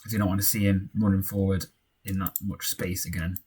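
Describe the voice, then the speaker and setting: This young man talks his way through his own football management match in a relaxed way, shouting and cheering for goals and muttering under pressure. The delivery is deep and flat, a little fast, with a slightly rough quality.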